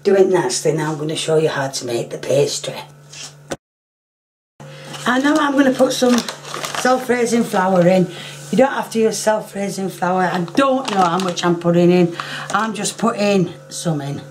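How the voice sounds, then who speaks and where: A woman with a hoarse, fading voice talks a home cooking demonstration through in a casual way. She often stops to clear her throat and apologise. Her voice sits fairly low, and a faint background hiss runs under it. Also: lively intonation, normal speed.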